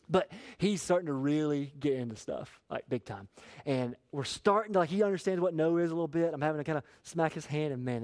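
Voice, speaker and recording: Animated young male pastor preaching. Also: fairly high pitch, dry recording. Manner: conversational, animated preaching with asides and quick shifts in loudness. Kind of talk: sermon. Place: church.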